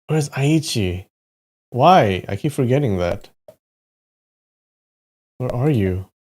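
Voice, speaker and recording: A man livestreams himself playing a map quiz, muttering place names under his breath and now and then bursting out in frustration or swearing. His voice is medium-pitched, mellow and animated, and he talks at a slow pace in a casual commentary style.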